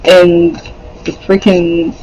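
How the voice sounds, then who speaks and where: A man's voice: fairly high pitch, flat delivery, very slow, warm tone, lo-fi sound. A man doing a casual pick-a-card tarot reading, rambling with many fillers, swearing and laughing often. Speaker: tarot reader.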